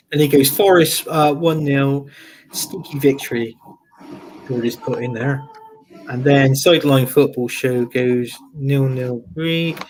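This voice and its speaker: A man's voice: medium pitch, slight background noise. Chatty man reading comments. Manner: chatty, laughs often, repeats phrases. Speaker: host of football show. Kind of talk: casual live-stream chat, reading viewer comments.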